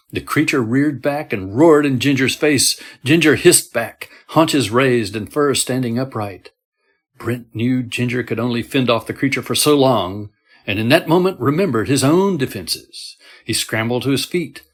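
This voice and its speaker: A man reading a horror story aloud in a steady, measured storytelling manner. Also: mid-range voice. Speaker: story narrator. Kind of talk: scripted horror narration.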